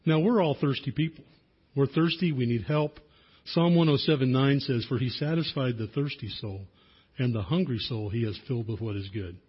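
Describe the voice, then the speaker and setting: A man preaching a sermon in a relaxed, conversational way, often restarting his sentences. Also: mid-range voice, normal speed, husky, lo-fi sound. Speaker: pastor.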